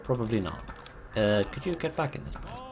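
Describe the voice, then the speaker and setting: A man's voice: creaky, soft background music. A man giving casual, rambling gameplay commentary, self-deprecating and chatty. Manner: lively, quick changes of pitch and loudness. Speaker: let's play host.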